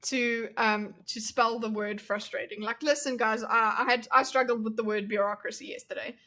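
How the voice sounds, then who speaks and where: A woman's voice: fairly high pitch, steady tone, moderate pace, pushed and bright. A young woman streaming reaction commentary, talking casually to her chat with blunt, mocking asides.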